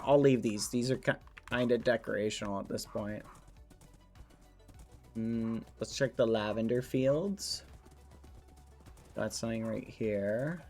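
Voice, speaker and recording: A male streamer chatting loosely over his gameplay, with a voice of middling pitch. He tells a story in a rambling way, full of fillers. Soft music plays faintly underneath. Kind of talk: casual gameplay stream chat. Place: home room.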